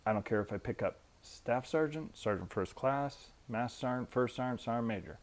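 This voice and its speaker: A man in his fifties, a military veteran, telling stories in a profane, animated way and acting out quotes. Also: medium pitch, brisk. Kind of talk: casual storytelling.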